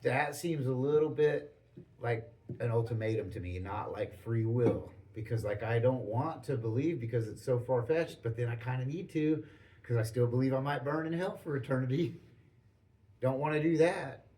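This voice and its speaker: A man hosting a podcast, telling stories in a rambling, animated way full of restarts and acted-out quotes. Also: mid-range voice, moderate pace, slight background noise, low-quality recording. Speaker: podcast host. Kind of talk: casual storytelling chat.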